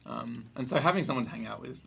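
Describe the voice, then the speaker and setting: Gravelly young man hosting. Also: mid-range voice, quick pace, fairly bright tone, slight background noise. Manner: chatty and easygoing, laughs often, joking. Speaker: youth group leader and podcast host. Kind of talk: casual podcast chat.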